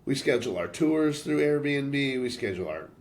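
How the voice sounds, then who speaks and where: A man's voice: mid-range voice, expressive, normal speed. An American man hosting a podcast, telling a travel story in casual chat and swearing freely. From United States. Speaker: podcast host.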